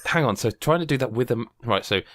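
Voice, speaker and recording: Male podcast host, bright and forceful, dry close mic, lively banter. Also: mid-range voice, quick pace, no echo. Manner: animated, laughing, interrupting. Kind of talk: casual chat.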